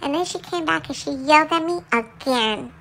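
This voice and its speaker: A woman voicing a small, excitable pet dog, chatting and mixing English with Spanish as it tells its side of the story. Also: high-pitched, normal speed, a little hiss or hum, rough recording. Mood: chatty confessional. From Puerto Rico. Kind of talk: confessional monologue in a dog's voice.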